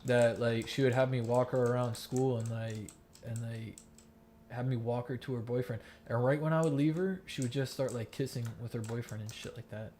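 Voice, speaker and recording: A young man from the Miami area talks on a gaming headset while he plays, spilling a painful personal story. His delivery is rambling and profane, full of fillers and restarts, with a flat, level pitch. A faint computer hum sits under his voice. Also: moderate pace. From Miami area, United States. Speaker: gamer in voice chat, active soldier. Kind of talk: casual storytelling during gameplay.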